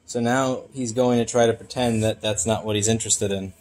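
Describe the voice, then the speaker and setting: A man's voice: fairly low pitch, steady tone, fairly quick, darkish tone. A man talking to his cat in a casual, sarcastic way, with baby talk mixed with jokes. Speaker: channel host.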